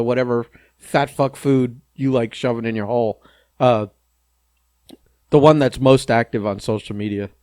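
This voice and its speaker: A man's voice: medium pitch, a little mellow, dry recording, clean studio sound. A man co-hosting a casual podcast, teasing and skeptical of his partner's ideas. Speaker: podcast co-host.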